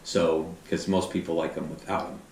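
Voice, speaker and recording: A middle-aged man, a fire battalion chief, telling animated anecdotes and acting out quotes in a casual interview. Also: sits low, normal speed, gravelly, slight background noise. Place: podcast studio. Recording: roomy, somewhat distant mic.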